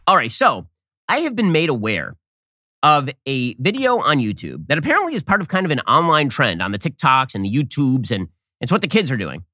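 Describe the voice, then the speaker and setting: A man hosting a political commentary show rattles off a sardonic opinion monologue, restarting quickly, close to a studio mic. His mid-range voice swings hugely in pitch and comes across pushed and bright, with no room sound.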